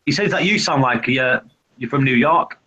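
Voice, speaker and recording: A man's voice: medium pitch, moderate pace, pushed and bright. A man from Manchester with a Manchester accent, bantering and laughing in a casual group video chat. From Manchester, England. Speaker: chat guest. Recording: muffled lo-fi call line with faint noise.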